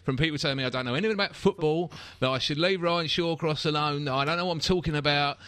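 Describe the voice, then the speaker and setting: A man's voice: a little high, quick pace, a bit bright, clean tone, dry recording. A man hosting a casual football podcast, ranting indignantly and repeating points for emphasis. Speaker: podcast host.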